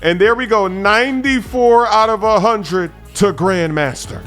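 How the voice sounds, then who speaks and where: A man giving chatty, animated gameplay commentary as a gaming channel host, repeating himself for emphasis. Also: sits high, unhurried. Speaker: gaming YouTuber. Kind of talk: gameplay commentary over footage. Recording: faint background music.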